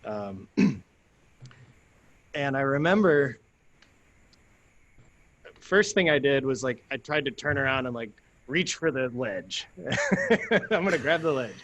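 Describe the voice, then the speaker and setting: Laughing, animated male storyteller. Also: mid-range voice, slow, long pauses, highs cut off. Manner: animated, laughs often, acts out quoted lines. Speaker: guest. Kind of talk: casual storytelling.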